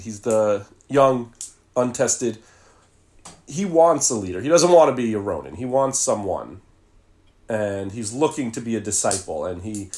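Relaxed man recapping a film. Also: medium pitch. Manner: relaxed, recaps plot, some halting restarts. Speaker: podcast co-host. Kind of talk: casual film discussion.

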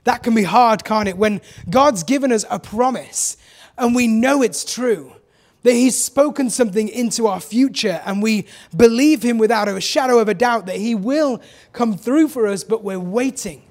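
A man's voice: high-pitched, normal speed, a little mellow. A man preaching a sermon in a conversational way, often asking his listeners questions.

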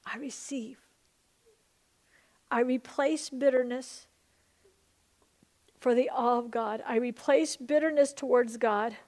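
A woman's voice: a little high, steady tone, takes it slowly, pauses often, a little mellow. A middle-aged woman pastor leading an earnest, fervent prayer during a sermon.

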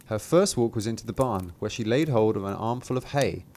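A man's voice: on the low side, animated, a little fast, darkish tone, slight background noise. A man hosting a show, casually retelling a fairy tale with playful asides and chuckles. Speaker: podcast host. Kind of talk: casual storytelling.

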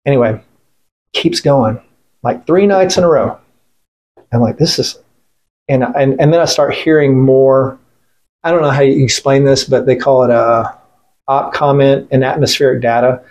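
A middle-aged man speaking at an everyday pitch, telling a story in a casual interview. He talks bluntly and swears freely, and he often breaks off and restarts his sentences. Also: normal speed, a little mellow. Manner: blunt, profane, rambling with restarts. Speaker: veteran guest.

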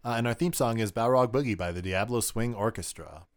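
A man co-hosting a podcast in casual chat, playful and quick with jokes, backing his partner with steady agreement. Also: lowish voice. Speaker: podcast co-host.

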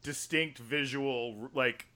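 A man co-hosting a podcast in casual chat, joking and laughing a lot in an animated way. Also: mid-range voice, takes it slowly. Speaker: podcast co-host.

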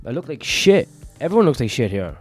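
A run-down man talks into his podcast mic with crude, self-mocking banter, dropping swears every few words. His voice sits at an ordinary middle pitch, with faint music playing underneath. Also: sing-song, fairly quick, a little mellow. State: tired, run-down. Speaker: comedian podcast host. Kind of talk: rambling solo podcast.

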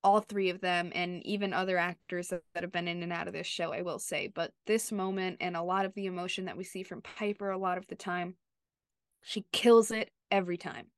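A woman's voice: lowish voice, little pitch movement, brisk, no echo. Chatty woman podcast co-host, dry sound. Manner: chatty and emphatic, lots of "like" and "you know". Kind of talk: casual chat.

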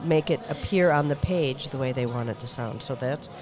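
A podcast co-host talking in a relaxed, wry way in casual chat. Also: mid-range voice, moderate pace, soft background music.

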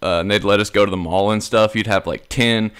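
Young man telling stories in a lively way. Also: lowish voice, brisk, clear, resonant tone. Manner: animated storyteller, acts out quotes in a raised voice. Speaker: podcast co-host. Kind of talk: casual chat.

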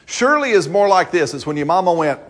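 Animated preacher with a lively voice. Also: male voice, high-pitched, fast talker. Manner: animated, laughing, playful asides. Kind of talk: lively sermon with call and response.

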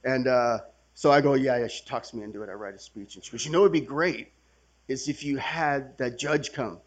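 A man's voice: mid-range voice, brisk. A man sharing his recovery story at a workshop in a casual, conversational way, swearing and laughing as he acts out the people in it. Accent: Californian. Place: workshop gathering room.

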